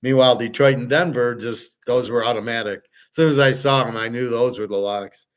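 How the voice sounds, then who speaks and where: A man hosts a sports betting talk with rambling, excited energy. He curses casually and trips over his own restarts as he runs through his picks. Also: mid-range voice, fairly quick. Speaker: sports betting show host.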